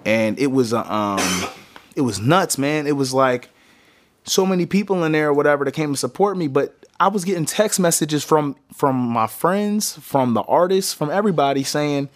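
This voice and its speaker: A man's voice: a little high, expressive, moderate pace. A man hosting a podcast in a small studio, talking in a loose, rambling, joking way. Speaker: podcast host. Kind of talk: casual chat.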